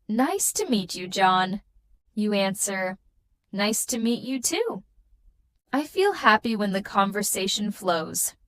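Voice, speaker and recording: A young woman teaching a beginner English lesson with slow, clear and encouraging delivery. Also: fairly high pitch, no room sound.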